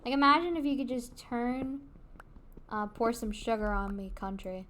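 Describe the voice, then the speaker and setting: A woman's voice: fairly high pitch, moderate pace, fairly bright tone, slight background noise. A young woman streaming a game, chatting casually and rambling between made-up song lines. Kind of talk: casual chat while gaming.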